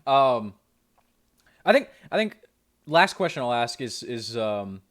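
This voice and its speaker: Animated joking American man. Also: mid-range voice, slow pace. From United States. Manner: joking, rambling questions with many restarts. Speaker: esports caster interviewing a player. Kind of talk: casual esports interview.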